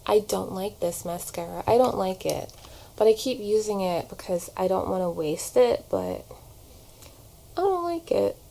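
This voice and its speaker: Doing her makeup at home, a vlogger who also acts talks at a normal speed in a mellow, medium-pitched voice with vocal fry. Her chat wanders, packed with "like," in a get-ready-with-me style. It's a rough recording from a camera set on a shelf nearby.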